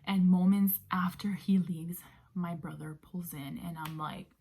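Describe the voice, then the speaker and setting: A woman vlogger casually telling a personal story, often sinking into a breathy near-whisper, with many fillers. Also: on the low side, fairly even intonation, unhurried, dark tone. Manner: conversational with many fillers like "you know".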